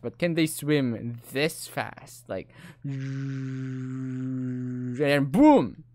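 A man giving casual, excitable let's-play commentary, swearing freely and switching languages. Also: mid-range voice, dry recording. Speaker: gaming streamer.

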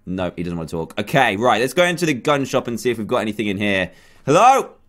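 A man giving excitable let's-play commentary, yelping and shrieking when threatened. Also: on the low side, fast. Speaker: gaming YouTuber.

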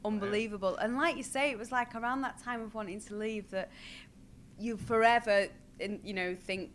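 An actress chatting as a guest in an interview, animated and laughing often. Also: female voice, mid-range voice, normal speed, slight background noise. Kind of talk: casual chat.

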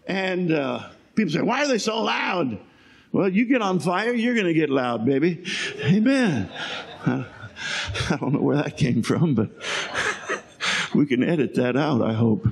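Husky older preacher, shouts then hushes. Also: male voice, a little high, expressive, measured pace, pauses often. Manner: swings from shouting to hushed storytelling. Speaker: pastor. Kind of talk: sermon.

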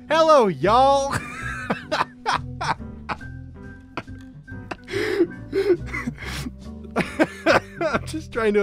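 A man's voice: sits high, a bit bright. An American man hosting, reading funny posts aloud in a casual comedic way, often breaking into laughter.

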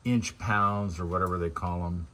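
A man's voice: low voice, steady tone, moderate pace, pushed and bright, a little hiss or hum. A man chatting and joking while watching a car repair in a garage. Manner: joking, chatty, asks questions. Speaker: channel host filming car repair. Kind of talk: casual chat in a garage. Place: garage or driveway, working on a car.

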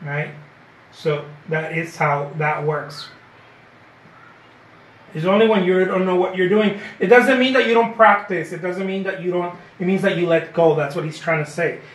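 This man's voice sits high and moves at a moderate pace as he teaches painting live, friendly and supportive. He says things more than once and keeps checking in with "okay?", all inside an echoey room.

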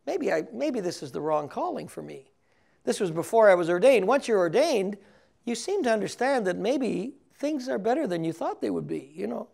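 Older priest with a gravelly high voice. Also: male voice, darkish tone. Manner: chuckles often, reads scripture aloud, asks the audience questions. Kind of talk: scripted teaching talk on scripture. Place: recorded for television broadcast.

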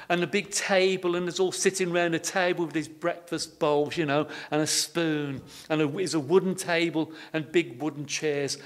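A man preaching a sermon, telling stories in a homely way and often repeating his words. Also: high-pitched. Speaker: pastor. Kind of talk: sermon with storytelling.

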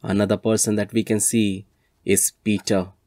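A man's voice: on the low side, little pitch movement, moderate pace, mellow, no echo. A man preaching a sermon, retelling scripture stories in an earnest storytelling way and building to emphatic appeals.

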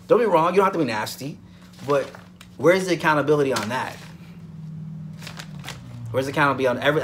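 Animated man vlogging a soap review. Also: medium pitch, a little hiss or hum. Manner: animated, repeats himself, addresses viewers as guys. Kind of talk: casual vlog review.

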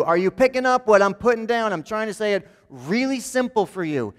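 With a high, animated voice, a pastor delivers a sermon fairly quickly and with hardly any pauses, a long reverb tail trailing in the church sanctuary. He talks conversationally, keeps asking "right?", and voices the people he quotes in different tones.

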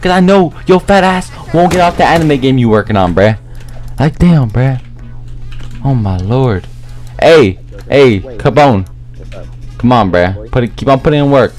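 A young man giving loud, slangy live commentary over his own gameplay, trash-talking other players and often shouting. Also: medium pitch, animated, measured pace, pauses often, soft background music. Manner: slangy, repeats lines and ends them with "bruh". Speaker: gaming YouTuber.

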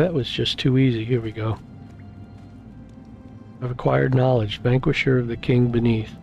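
A man's voice: mid-range voice, creaky, a little mellow. A man casually commenting on his own gameplay, thinking aloud with fillers, and losing his voice. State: losing his voice, clearing throat. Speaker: gameplay video host.

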